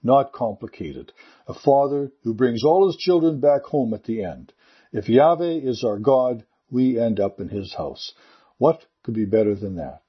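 A pastor delivering a sermon and leading a prayer in an earnest, measured way. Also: male voice, medium pitch, animated, lo-fi sound.

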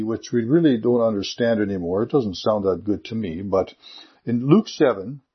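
A pastor delivering a sermon and leading a prayer in an earnest, measured way. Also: male voice, medium pitch, husky, muffled recording.

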